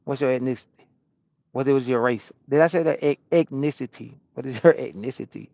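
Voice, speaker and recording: A man who drives a truck, chatting casually with his stream chat from his cab and answering questions out loud in loose slang. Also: mid-range voice, brisk, creaky, no room sound, highs cut off. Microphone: small camera-mounted microphone.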